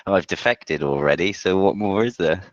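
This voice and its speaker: Casting: deep-voiced male moderator, wry, dry booth sound, muffled stream. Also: normal speed, no room sound. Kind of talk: reading questions, live Q&A.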